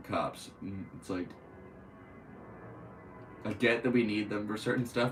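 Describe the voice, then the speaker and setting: A man's voice: fairly low pitch, lively intonation, unhurried, pauses often, fairly bright tone, distant mic, a little hiss or hum, low-quality recording. A man hosting a podcast, reading news aloud and breaking into profane, angry commentary. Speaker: podcast host.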